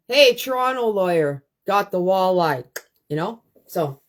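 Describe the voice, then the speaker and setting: A woman's voice: mid-range voice, lively intonation, measured pace. A woman on a phone livestream, ranting bluntly to her viewers and swearing constantly. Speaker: livestream host. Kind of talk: profane ranting livestream monologue.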